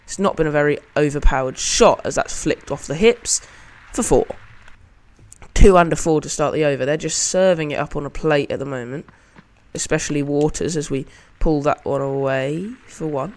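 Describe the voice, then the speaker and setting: A man's voice: on the high side, moderate pace. A man giving casual, chatty commentary over his own gameplay as a channel host, narrating each shot as he plays it.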